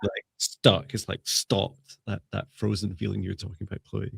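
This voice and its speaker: Low gravelly man guiding a healing. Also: little pitch movement, no room sound. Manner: soft, slow, meditative guiding with pauses. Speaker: psychic healer. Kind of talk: guided energy healing in a live session.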